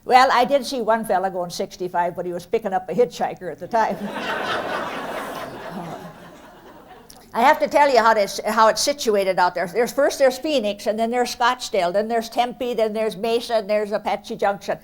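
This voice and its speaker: A woman's voice: a little high, normal speed. Chatty older Midwestern woman comic. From Minnesota. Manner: chatty, homespun, deadpan punchlines. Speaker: comedian. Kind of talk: folksy stand-up storytelling. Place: stage of a performing arts center.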